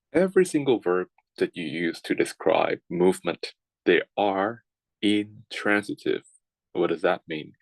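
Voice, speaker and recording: Male teacher, deep voice, unhurried lecture, dry room, repeats himself. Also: vocal fry, no echo, low-quality recording. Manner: repeats words and restarts, says okay often. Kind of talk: classroom lecture.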